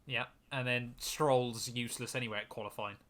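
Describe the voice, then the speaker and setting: A young man co-hosting a podcast, talking in a lively, self-deprecating way with quick asides. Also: mid-range voice, a crowd in the background. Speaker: podcast co-host. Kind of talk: casual chat.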